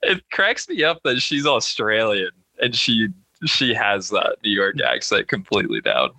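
A man from the United States talks about a film with a bright, forceful voice. His pitch swings widely as he chats, and he often repeats himself. The sound is dry and close. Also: big pitch swings, unhurried, creaky, no echo, rough recording. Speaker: podcast guest. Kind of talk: casual movie chat.

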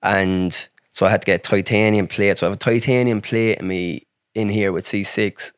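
An Irish man with a lowish voice tells his story as a podcast guest, rambling and swearing freely and filling his talk with "like". The sound is dry and close, with no room echo. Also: fairly even intonation, normal speed, clear, resonant tone. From Ireland. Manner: rambling, heavy swearing, frequent "like". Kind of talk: casual storytelling.

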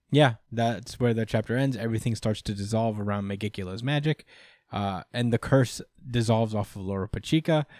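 A man's voice: on the low side, dry recording, studio quality. Laid-back man recapping manga chapters. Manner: relaxed, many fillers, acts out characters in quotes. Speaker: podcast co-host. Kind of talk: casual manga review chat.

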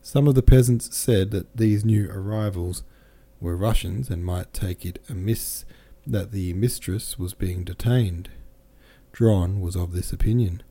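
A man hosting a podcast and reading a classic novel aloud in steady, measured narration. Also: deep voice, husky. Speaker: podcast host and reader.

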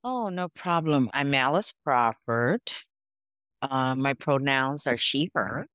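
A woman in her sixties from Chicago, a guest on a podcast. She chats in a relaxed, storytelling way, with an animated delivery. Her voice is fairly low for a woman and sounds dry and close on the mic. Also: slow pace, no room sound. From Chicago, USA. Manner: storytelling, animated, laughs often. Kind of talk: casual interview chat.

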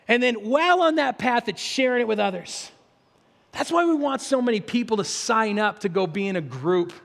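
Speaking at a moderate pace in a high, creaky voice, this pastor delivers a sermon full of earnest, animated stories, stammering and restarting at times, then leads a prayer. The sound carries the long reverb of a big hall.

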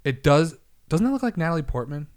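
A man's voice: fairly high pitch, sing-song, fast, a little mellow. A man co-hosting a podcast, bantering in a joking, stubborn way. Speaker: podcast co-host. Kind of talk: casual banter.

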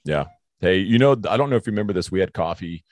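A man's voice: low-pitched, animated, fast, dry recording, clean studio sound. A man hosting a casual faith conversation, telling a personal story earnestly and calling his guest bro. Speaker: podcast host.

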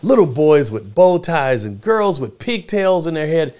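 Middle-aged man, animated storyteller, lively pitch, does voices for the people in his story. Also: measured pace. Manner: animated storyteller acting out quotes in shifting voices. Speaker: guest, former child actor. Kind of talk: storytelling in casual chat.

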